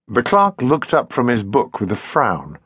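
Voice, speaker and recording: A man narrating a historical novel in an expressive, husky voice. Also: mid-range voice, a little slow, no echo, clean studio sound. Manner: expressive, varied reading. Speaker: audiobook narrator. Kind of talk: scripted narration.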